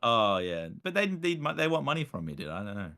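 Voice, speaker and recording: A young Australian man hosting a casual streamed chat, animated and jokey, laughing often. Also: medium pitch, fairly quick. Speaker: streamer host.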